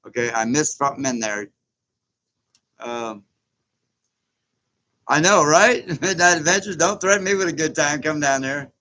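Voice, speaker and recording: A man's voice: fairly high pitch, animated, a little slow, long pauses, bright, forceful tone, slight background noise. Chatty man in his sixties. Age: 60s. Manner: chatty and rambling, chuckles often. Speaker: livestream host reading viewer chat. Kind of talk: casual live chat.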